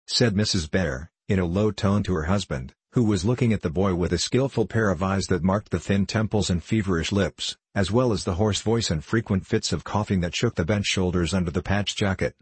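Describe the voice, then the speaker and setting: A man reading a classic children's story aloud in a steady, measured way. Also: low voice, slightly rough, no room sound. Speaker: narrator. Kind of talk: audiobook narration.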